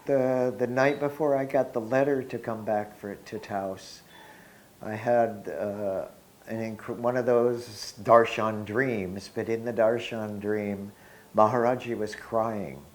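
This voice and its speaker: A man in his sixties telling a personal spiritual story in an unhurried, reflective way, with soft laughs. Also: fairly low pitch.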